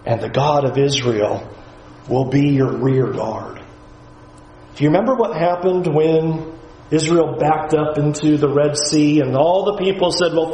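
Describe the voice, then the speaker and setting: High-pitched earnest male preacher. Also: echoey room, a little hiss or hum, rough recording. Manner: earnest, emphatic preaching with sudden drops to a low, quiet voice. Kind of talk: sermon.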